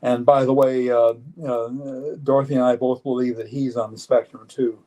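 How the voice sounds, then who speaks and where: A man in his seventies talks as a guest in a live-streamed interview, his tone mellow and soft-edged. He is earnest and matter-of-fact, often pausing and restarting his sentences. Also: medium pitch, level tone, poor audio. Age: 70s.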